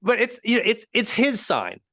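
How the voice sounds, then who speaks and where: A man giving a live teaching talk as a high-performance coach, telling stories in an emphatic, animated way. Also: normal speed.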